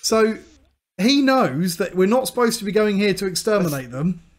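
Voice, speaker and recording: A man's voice: high voice, sing-song, moderate pace, crowd noise. A man co-hosting a casual podcast, chiming in with side details. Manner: chatty, adds side details. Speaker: podcast co-host. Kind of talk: casual lore chat.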